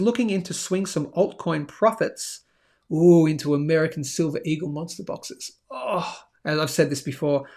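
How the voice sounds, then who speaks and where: A man hosts a live show in a relaxed, chatty way. He keeps checking in with the audience as he talks. His voice sits a little high and has a gravelly edge. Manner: chatty, animated, lots of "okay?" asides. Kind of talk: casual live-stream talk with sponsor reads.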